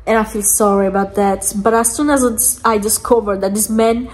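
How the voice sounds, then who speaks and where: A woman's voice: medium pitch, steady tone, normal speed. A woman vlogging from home, ranting angrily with lots of swearing and emphatic repeats. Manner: angry, profane, emphatic ranting. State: angry. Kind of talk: ranting vlog chat. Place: lying down at home.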